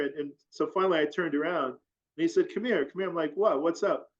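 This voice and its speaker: A man's voice: a little high, fast talker. A man telling a long personal story as an interview guest, rambling and full of fillers. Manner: rambling, filler-heavy, animated retelling. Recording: dull lo-fi audio.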